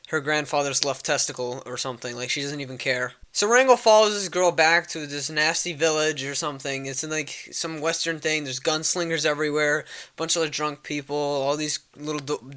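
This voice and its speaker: Young man, casual rambling plot recap, crisp smooth voice, swears a lot. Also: on the high side, sharp tone. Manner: rambling, filler-heavy and profane. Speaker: vlogger.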